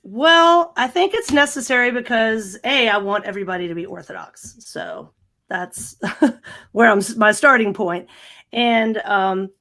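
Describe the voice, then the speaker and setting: A woman, a podcast guest talking in a chatty, animated way with frequent laughs and fillers. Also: on the high side, unhurried. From American South. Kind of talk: casual podcast interview.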